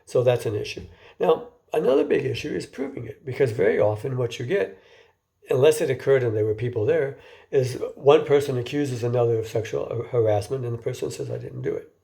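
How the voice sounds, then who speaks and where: Here a man lectures casually in a mellow, dark, gravelly mid-range voice, sounding animated and going a little fast. Repeated words often trip him up before he continues his conversational talk, and now and then he poses a question to his audience.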